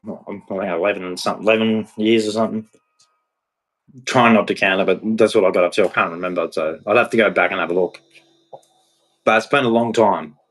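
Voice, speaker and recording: A man's voice: on the low side, fairly even intonation, fast talker, a bit bright, rough recording. A man giving a blunt, rambling, emphatic monologue about relationships, speaking candidly as a podcast host.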